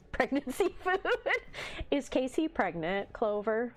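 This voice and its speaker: A woman's voice: fairly high pitch, very animated, slow, pauses often, soft background music. A woman hosting a livestream in casual chat, reading the live chat aloud with playful teasing and frequent laughter. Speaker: livestream host.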